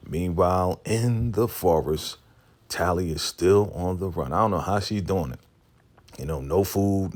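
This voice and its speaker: Deep-voiced man casually recapping a show. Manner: laid-back storytelling, acts out character lines, laughs often. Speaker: recap vlogger.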